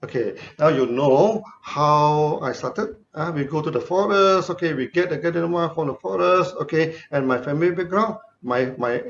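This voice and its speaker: A man's voice: on the high side, creaky, breathy edge. A man, a company founder telling anecdotes in a promotional talk to camera, tagging his sentences with "you know". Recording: dull lo-fi recording.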